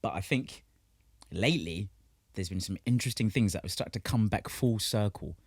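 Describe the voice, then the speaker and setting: A man from co-hosting a casual podcast chat, laughing often and jumping up in pitch when he gets excited. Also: moderate pace, no echo, clean studio sound. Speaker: podcast co-host.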